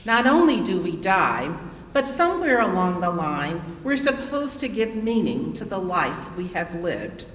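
Woman, 60s, formal keynote speech, rhetorical questions, animated pitch, roomy echo. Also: unhurried, slight background noise. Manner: rhetorical, poses questions to the audience. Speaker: keynote speaker, association president. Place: large conference hall. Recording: roomy reverberant hall, distant mic.

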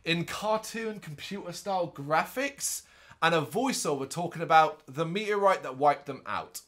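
A man co-hosting a podcast, chatting casually and recapping a movie in an animated way, with quick asides in put-on voices. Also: on the high side. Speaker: podcast co-host. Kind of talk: casual movie review chat.

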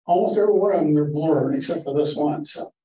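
A man's voice: on the high side, fast, warm tone. An older man giving a casual, rambling slide-show talk to a photography club in a library meeting room, with folksy stories. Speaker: guest photography presenter. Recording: echoey room from far off with faint hiss.

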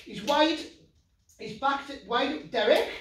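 Playful North East English man, children's magician, high-pitched, recorded roomy and distant. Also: slow pace, slight background noise. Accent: Geordie. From North East England. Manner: playful, excitable, talks straight to the kids at home. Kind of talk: children's comedy magic show.

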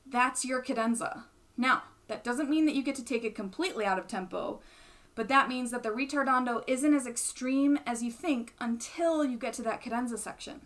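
A woman's voice: a little high, fairly bright tone. A young adult woman giving a patient music lesson, explaining step by step and checking in with the listener. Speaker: bassoon teacher. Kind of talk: instructional explanation.

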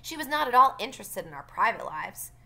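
A woman teacher reads a novel aloud to her class and stops now and then to explain. Her voice is bright and her intonation lively. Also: on the high side, brisk, gravelly. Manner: plain reading with brief explanatory asides.

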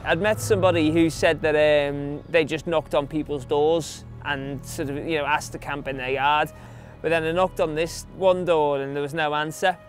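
A man's voice: fairly high pitch, steady tone, moderate pace, faint music behind. A young adult man from England with an English accent, casually telling stories from his run in an interview, chatty and full of fillers. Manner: chatty, anecdotal, many fillers. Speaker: interviewee, long-distance runner.

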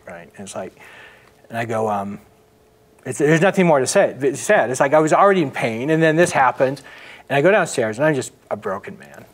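Earnest middle-aged man telling a story. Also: mid-range voice. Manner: earnest, narrates with acted quotes and frequent hushed drops. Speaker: interview guest. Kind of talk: emotional personal storytelling in an interview.

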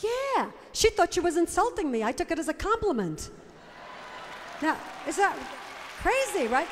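A woman's voice: extremely high pitch, very animated, normal speed, big-room sound, a little hiss or hum. A woman singer in playful, teasing live banter on an arena stage, speaking into a handheld mic. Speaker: singer and concert headliner. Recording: live arena sound with crowd.

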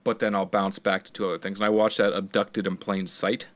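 A man's voice: fairly low pitch, little pitch movement, fairly quick. A man co-hosting a podcast, casually retelling a story with plenty of swearing and quoted voices. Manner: rambling storyteller, swears freely, acts out quotes. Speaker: podcast co-host. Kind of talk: casual chat.

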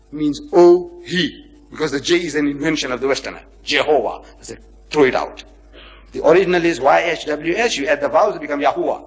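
A man lecturing an audience on religion, emphatic and repetitive, with rhetorical questions and slow chanted phrases. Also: a little high, sing-song. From India, raised in South Africa. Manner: chants phrases slowly, swings from soft to loud.

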